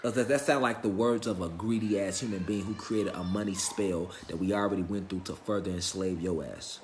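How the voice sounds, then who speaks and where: A man's voice: low voice, a little fast, darkish tone, roomy sound, a little hiss or hum. A man giving a spiritual lecture to a live class, emphatic and profane, firing rhetorical questions and answering them himself. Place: lecture room with a live audience.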